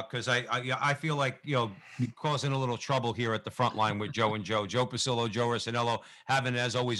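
A man's voice: mid-range voice, pushed and bright. A man co-hosting an interview, playful and a little teasing, stammering as he starts his questions. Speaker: co-host. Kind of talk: casual interview talk.

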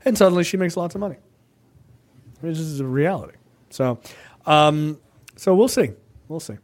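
A man's voice: a little high, moderate pace. A man co-hosting a podcast, talking politics casually in a profane, rambling way, tossing in lots of "right?". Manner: profane, animated, rambling with many "right?" asides. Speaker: podcast co-host.

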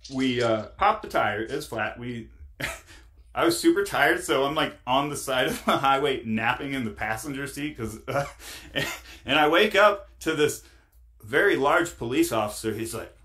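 A man's voice: medium pitch, expressive, a little slow, sharp tone. A man as a podcast guest, telling a rambling story in casual chat, laughing often and full of fillers.

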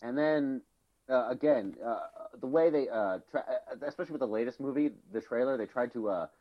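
This podcast co-host speaks briskly at a medium pitch, wandering through loose conversation peppered with filler words, false starts and curses. The sound quality is lo-fi and a bit dull.

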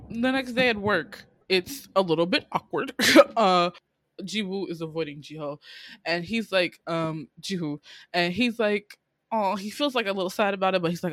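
A woman's voice: mid-range voice, dry recording. A woman in a casual chat, recapping a drama with laughter and acting out the characters' lines. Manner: chatty, animated, laughs often, acts out characters' lines. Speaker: podcast co-host.

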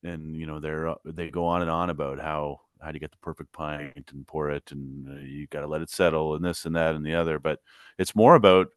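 A man's voice: rumbling low, fairly quick, clean tone, dry recording. A man co-hosting a podcast, chatting casually and telling stories with a dry, joking manner. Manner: dry, joking, relaxed storyteller. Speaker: podcast co-host. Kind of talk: casual chat. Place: podcast studio.

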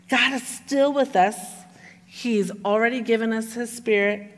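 A woman's voice: a little high, unhurried. A woman preacher delivering an earnest sermon, reading scripture with emphasis and dropping to near-whispers to stress points. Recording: echoey hall with long reverb.

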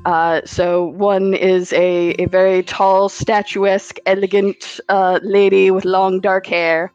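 A woman player in a tabletop game on a call, dry and hesitant with many pauses. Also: medium pitch, level tone, a little mellow, clear, resonant tone, no room sound, soft background music. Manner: dry, hesitant, lots of uhs. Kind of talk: casual play chat on a call. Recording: dull lo-fi call audio.

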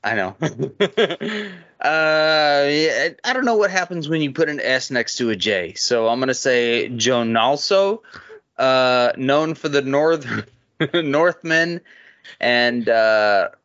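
A man's voice: medium pitch, lively intonation, a bit bright. A man hosting a podcast, reading from his notes in casual chat and filling gaps with "uh" as he goes. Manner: halting, many "uh" pauses. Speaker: podcast host. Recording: dull lo-fi podcast audio.

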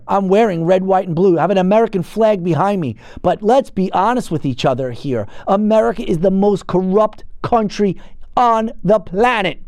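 High-voiced impassioned man ranting. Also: darkish tone, no echo. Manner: impassioned, ranting, rhetorical questions. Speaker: political commentary host. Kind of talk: opinion commentary to camera. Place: indoor set with a flag behind him.

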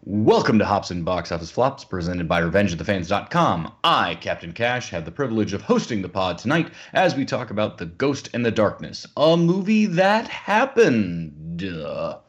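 A man's voice: low-pitched, expressive, normal speed, few pauses, a bit bright, faint music behind. A man hosting a podcast in casual chat, playful and theatrical in his introductions. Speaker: podcast host. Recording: dull lo-fi podcast audio.

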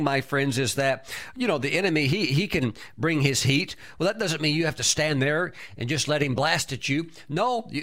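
A man's voice: on the high side, a bit bright. A man preaching a sermon, emphatic, breaking into exclamations of praise and often repeating and restarting his words.

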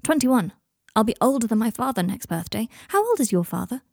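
Woman doing a giddy young man, high and eager. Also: very animated, brisk, vocal fry, no room sound, clean studio sound, exaggerated voice. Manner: eager, breathless questions, often louder. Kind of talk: audiobook fiction reading.

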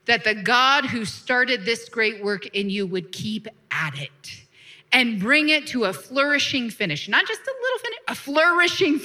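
A woman pastor preaching a lively sermon, laughing now and then and calling for responses from the congregation. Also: medium pitch.

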